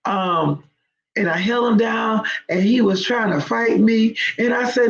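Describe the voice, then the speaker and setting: Gravelly woman telling a story. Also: fairly high pitch, a little slow. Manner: emphatic, conversational storytelling. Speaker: host. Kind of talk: storytelling talk to viewers. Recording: roomy, dull lo-fi sound.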